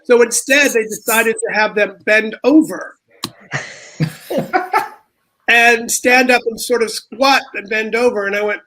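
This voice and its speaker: Bright-voiced man telling a story. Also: extremely high pitch, fairly even intonation, unhurried, low-quality recording. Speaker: show producer. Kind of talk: anecdotal panel chat.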